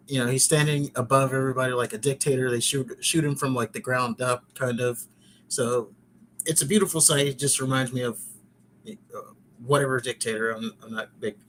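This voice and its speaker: A man's voice: medium pitch, fairly bright tone, a little hiss or hum. A man hosting a podcast, casually recapping wrestling in a chatty, rambling way with joking asides. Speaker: podcast host.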